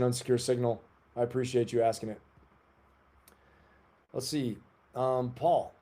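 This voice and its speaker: A man's voice: medium pitch, mellow. A man in his forties hosting a live stream, chatting loosely and rambling as he talks to his viewers. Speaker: livestream host. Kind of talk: casual live-stream chat.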